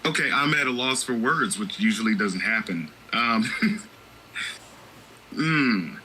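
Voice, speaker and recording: Bright-voiced man hosting a podcast. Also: medium pitch, animated, slow pace, slight background noise, poor audio. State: low on energy. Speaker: podcast host. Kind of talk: casual podcast chat.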